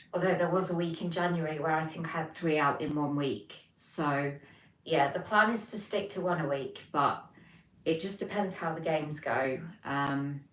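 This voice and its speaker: Low-voiced British woman chatting to her livestream. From Britain. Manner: chatty, reads chat messages aloud, frequent ums. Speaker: livestream host. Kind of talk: casual livestream chat. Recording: roomy echo, distant mic.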